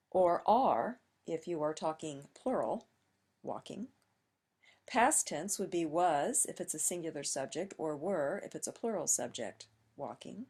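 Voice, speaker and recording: A woman's voice: on the low side, a little mellow, breathy edge. A woman teacher patiently explaining grammar step by step in a lesson, with emphatic stresses.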